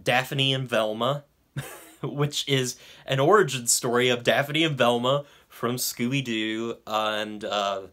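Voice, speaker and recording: A man's voice: mid-range voice, a bit bright. A young man giving a casual film review, hesitant, with frequent ums and restarts. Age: young adult.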